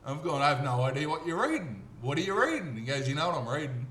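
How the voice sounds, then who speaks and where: An Australian man telling a story in a casual monologue, animated and acting out the voices of the people he quotes. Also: fairly high pitch, fast talker, few pauses. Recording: echoey room with faint hum.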